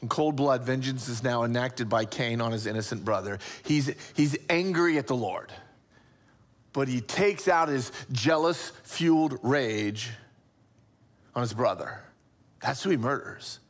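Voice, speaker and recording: A man preaching a sermon as pastor, impassioned, dropping soft for emphasis. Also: measured pace. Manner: impassioned, rising pitch on acted quotes, drops to soft near-whisper.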